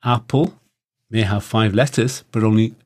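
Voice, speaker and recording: A man's voice: on the low side, steady tone, moderate pace, a little mellow. Friendly man co-hosting a language lesson. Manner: friendly, asks questions, practices phrases as a learner. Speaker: co-host, learner.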